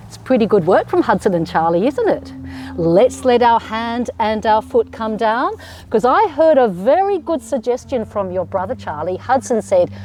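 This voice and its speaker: A woman's voice: on the high side, a little mellow, slight background noise. An Australian woman leading a children's yoga class in an encouraging, sing-song way, with playful animal sounds. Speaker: kids yoga teacher.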